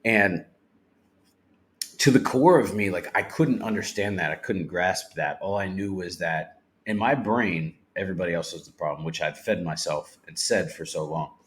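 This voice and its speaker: A man with a very low voice tells his recovery story on a podcast. He speaks bluntly, swears freely and acts out what others said to him. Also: moderate pace. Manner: candid, swears freely, retells talk in quotes. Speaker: podcast guest. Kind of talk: personal recovery testimony.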